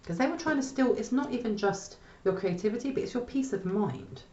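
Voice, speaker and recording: A woman's voice: on the high side, lively intonation, a little fast, warm tone, roomy sound, lo-fi sound. A woman giving a casual spoken tarot reading, chatty and often checking in with "okay?". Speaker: tarot reader.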